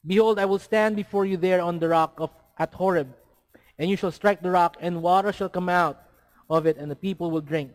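Emphatic high-voiced preacher. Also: male voice, steady tone, brisk. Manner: emphatic, rhetorical questions, mixes in Tagalog words. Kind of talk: sermon.

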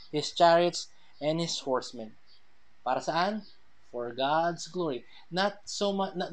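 A Filipino man delivering a sermon in a slightly higher voice. He teaches verse by verse, reading scripture aloud with stress on key words and mixing Tagalog into his English. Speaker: pastor.

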